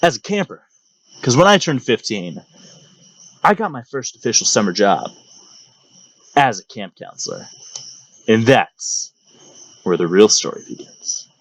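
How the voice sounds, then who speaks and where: A man's voice: fairly low pitch, big pitch swings, a little slow, pauses often, no room sound. A young man hosting a comedic storytelling monologue, mock-grand and sarcastic in his telling, recorded close on a dry mic. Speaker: storytelling channel host.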